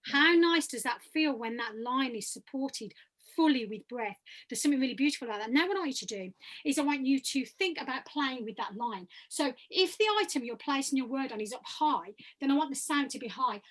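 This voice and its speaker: A woman with a high, bright voice coaching a vocal workshop over a video call. She talks participants through breath and resonance exercises, demonstrating each one aloud with encouragement. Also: expressive, fairly quick. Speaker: voice workshop leader.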